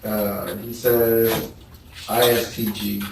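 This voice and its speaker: A man testifying at a trial, reading text messages aloud in a slow, subdued, flat way. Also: on the low side, heavy background noise. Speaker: trial witness. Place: courtroom. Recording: echoey courtroom from far off.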